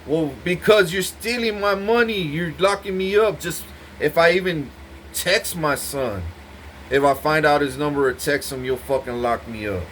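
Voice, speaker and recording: A man's voice: a little high, moderate pace, a bit bright, slight background noise. A man giving an intense, profane, rambling monologue to the camera, repeating himself as he goes. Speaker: vlogger speaking to camera.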